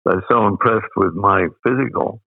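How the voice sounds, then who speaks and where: An older man with an Australian accent, telling stories as an interview guest, rambling with many pauses and fillers. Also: fairly low pitch, gravelly, slightly rough, dry recording. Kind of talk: anecdotal storytelling. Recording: dry, phone-like sound.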